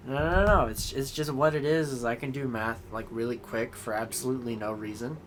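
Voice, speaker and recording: A man's voice: mid-range voice, steady tone, brisk, a little hiss or hum. A young man co-hosting a casual podcast chat, joking and swearing a lot. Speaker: podcast co-host.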